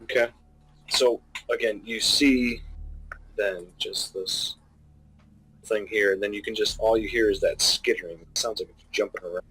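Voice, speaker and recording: A man narrating as game master of a tabletop game, describing scenes haltingly with many restarts, while he has the hiccups. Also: fairly low pitch, fairly even intonation, pushed and bright, husky, low-quality recording.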